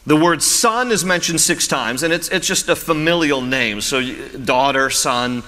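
A man's voice: a little high, normal speed, bright, forceful tone. A man preaching a sermon as pastor, mixing scripture teaching with humorous personal stories and laughter. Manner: storytelling, self-deprecating humor with laughs. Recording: reverberant hall.

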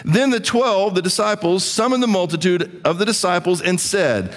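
A man preaching a sermon as a pastor, in an animated, conversational way with joking asides. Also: high-pitched, moderate pace, hardly any pauses. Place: church hall. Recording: hall reverb.

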